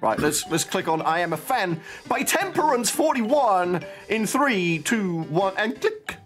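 Giggly, excitable gaming host guy. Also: measured pace, soft background music. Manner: giggly, excitable, with big swings in pitch and frequent laughter. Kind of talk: casual gaming reaction chat.

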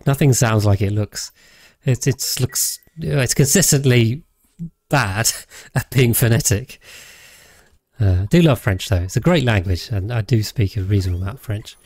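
A man's voice: on the low side, animated, moderate pace, a little mellow, dry recording. A man chatting casually on a livestream while playing a game, rambling with frequent hesitations and self-corrections. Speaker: game streamer.

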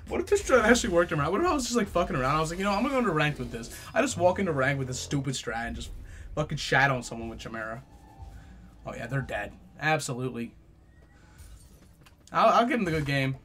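A young man giving live gameplay commentary, profane and trash-talking, swinging between loud outbursts and low mutters. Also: sing-song, fast, long pauses, a little hiss or hum. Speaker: gaming YouTuber.

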